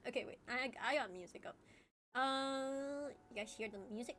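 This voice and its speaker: Woman streamer, tearful, laughing through tears, apologetic, halting, high voice, faint music behind. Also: fairly bright tone. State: tearful, crying while talking. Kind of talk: casual live-stream chat to viewers.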